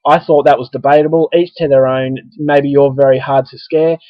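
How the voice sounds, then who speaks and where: An Australian man giving a casual spoken film review, talking conversationally with frequent pauses and restarts. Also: medium pitch, fairly even intonation, no echo, highs cut off.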